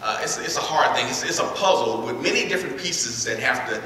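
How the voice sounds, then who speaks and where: Man workshop leader, brisk crowd prompts, long hall reverb, faint room hiss. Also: medium pitch. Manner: repeats words, energetic crowd prompts. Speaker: speaker leading a school workshop. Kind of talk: interactive talk to students. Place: large echoey school hall. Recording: echoey hall recorded from far off.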